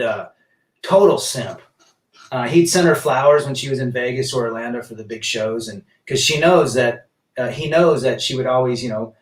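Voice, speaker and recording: A man's voice: medium pitch, far from the mic. Man, live-stream host, blunt, rambling, roomy echo, mic set back from him. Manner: rambling and blunt, with many restarts. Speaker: live-stream host reading viewer chat. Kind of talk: casual live-stream chat.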